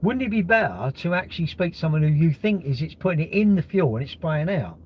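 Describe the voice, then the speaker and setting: A man's voice: a little high, expressive, quick pace, slight background noise. A middle-aged man hosting a livestream, ranting bluntly and swearing, firing rhetorical questions at his viewers. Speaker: livestream host. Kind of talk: casual livestream rant. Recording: dull lo-fi stream audio.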